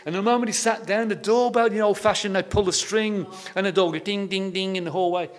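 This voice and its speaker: A high-voiced man preaching a sermon in an easy storytelling manner. He often repeats his words as he goes. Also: fast. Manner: homely, anecdotal, repeats words. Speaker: pastor.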